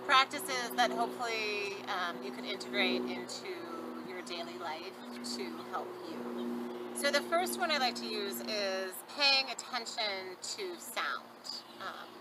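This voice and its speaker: A middle-aged woman teaches a mindfulness practice in a calm, gentle way, at a moderate everyday pitch. She is recorded outdoors, and birdsong and distant traffic come through clearly behind her voice. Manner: gentle, calm guiding with soft fillers. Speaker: mindfulness instructor and yoga teacher. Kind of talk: guided mindfulness lesson. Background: birdsong, distant traffic and farm sounds.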